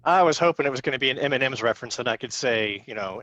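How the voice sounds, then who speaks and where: A playful male panelist with a bright, very animated voice that rises and falls as he sets up a joke. The sound is dry and close. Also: medium pitch, moderate pace, gravelly, no echo, poor audio. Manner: playful, builds up to punchlines. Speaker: comedy game panelist. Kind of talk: joking game show answer.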